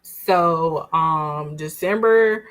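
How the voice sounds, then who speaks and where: A woman in her forties, appearing as an interview guest, tells a personal story with animation, acting out other people's voices and laughing as she goes. Her voice is deep and very slow.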